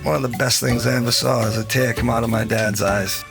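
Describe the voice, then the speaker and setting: A man, telling his story in a documentary interview, animated and acting out the voices of people in it. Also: medium pitch, fairly quick, vocal fry. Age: 50s. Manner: animated, acts out quoted dialogue, chuckles between beats. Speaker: interviewee, former champion. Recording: soft music bed under the voice.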